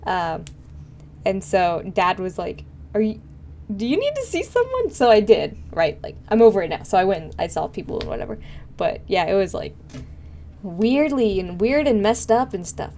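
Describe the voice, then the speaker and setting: A woman's voice: mid-range voice, moderate pace, vocal fry, dark tone, slight background noise. A young woman streaming live, chatting casually with her viewers in a rambling way full of fillers. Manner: rambling, filler-heavy, frequent laughs.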